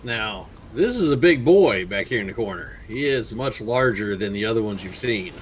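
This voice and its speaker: A man running a tabletop horror game as game master, describing scenes haltingly and repeating words as he goes. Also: lowish voice, lively intonation, a little hiss or hum, low-quality recording. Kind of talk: narrating a tabletop game over voice chat.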